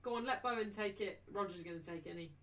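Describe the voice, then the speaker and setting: A woman hosting a live match watchalong, chatting casually and slipping into high baby talk with her dog. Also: racing. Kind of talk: casual live commentary and chat. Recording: voice a little distant from the mic.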